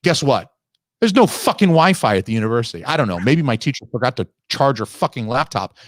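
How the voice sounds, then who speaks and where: A man's voice: mid-range voice, big pitch swings, fairly quick, no room sound, studio quality. A man hosting a podcast, telling a long, profane, ranting story in casual chat. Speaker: podcast host.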